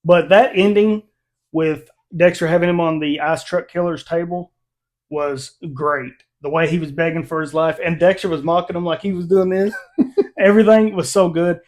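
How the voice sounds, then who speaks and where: A middle-aged man hosting a casual review chat, animated and quick to laugh as he retells scenes. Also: fairly high pitch. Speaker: reviewer, channel host.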